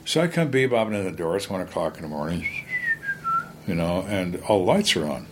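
An older man, a retired police lieutenant, telling his stories in conversation in a blunt, plainspoken way with halting restarts. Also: sits low, animated, very noisy. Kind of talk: storytelling in a conversation.

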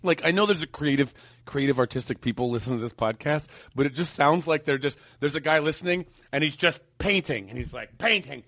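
A man guesting on a comedy podcast, playful and slipping into quick mimicry. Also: a little high, a bit bright, dry recording, clean studio sound. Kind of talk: casual comedy chat.

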